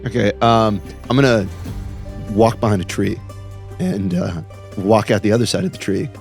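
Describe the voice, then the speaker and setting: Low gravelly man, halting. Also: expressive, darkish tone, soft background music. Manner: hesitant, halting. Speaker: player.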